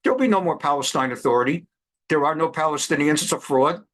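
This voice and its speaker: A high-voiced man in his seventies lectures with fierce conviction. He scolds and hammers his points home with one rhetorical question after another, in the way a rabbi speaks from long experience. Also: fast, fairly bright tone. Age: 70s. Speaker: rabbi and law professor. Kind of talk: impassioned direct-to-camera address.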